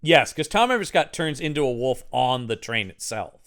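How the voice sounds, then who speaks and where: A man's voice: medium pitch, very animated, brisk, a bit bright. Wry man recapping a film. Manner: recaps plot in running narration with wry asides. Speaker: podcast co-host. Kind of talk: casual film-review chat.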